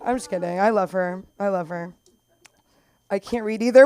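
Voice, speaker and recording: A young woman from Los Angeles with a Valley girl accent, doing open mic stand-up in a rambling, filler-heavy way that jumps into loud squeals. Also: mid-range voice, moderate pace, clear, resonant tone. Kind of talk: stand-up comedy. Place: comedy club.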